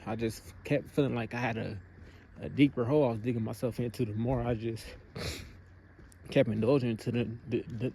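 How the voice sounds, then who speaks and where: Walking outdoors in the countryside, this man chats to his phone camera in a laid-back, slangy vlog style packed with fillers, breathing hard as he goes. He's a motivational vlogger with a dark-toned, mid-range voice, and there's slight noise behind him.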